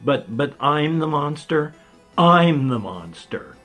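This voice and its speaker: Man putting on a sulky closet monster, whiny and indignant, raised and louder than his own voice, slight denture whistle. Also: on the low side, expressive, takes it slowly, slightly rough, soft background music, full character voice. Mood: wounded. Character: offended self-pitying male closet monster.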